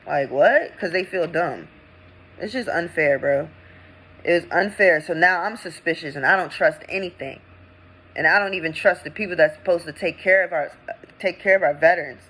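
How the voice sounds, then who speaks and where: A young woman and veteran, ranting with indignation in a vlog, swinging between loud outbursts and low mutters. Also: moderate pace, breathy edge, low-quality recording. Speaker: veteran vlogger. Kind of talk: impassioned vlog rant.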